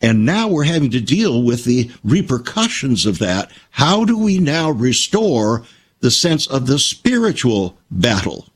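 A man's voice: mid-range voice, big pitch swings, measured pace, slightly rough. An older man, a Christian broadcaster, telling stories in an earnest, emphatic way on a conversational talk show.

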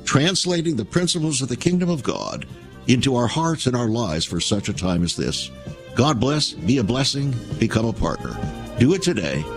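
A man's voice: mid-range voice, very animated, moderate pace, faint music behind. A man preaching a radio sermon, reading scripture aloud with strong emphasis and calling listeners his friends, then appealing for donations as the ministry's host.

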